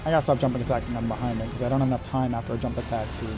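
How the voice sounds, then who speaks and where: A man's voice: mid-range voice, little pitch movement, rapid-fire. A man streaming a hard game, commenting on his play in frustration, swearing and talking to himself. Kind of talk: live gameplay commentary. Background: game music.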